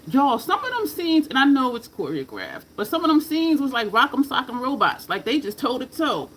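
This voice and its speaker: A woman's voice: sits high, wildly swooping pitch, moderate pace, fairly bright tone, low-quality recording. A woman chatting casually while she does her makeup, rambling from story to story, laughing and cursing freely. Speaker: makeup vlogger.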